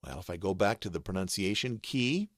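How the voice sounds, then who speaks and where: Speaking a little fast with lively intonation, this low-voiced American man teaches pronunciation as a voice artist. In a screen-share tutorial he patiently spells out each letter step by step, recorded dry with clean studio sound.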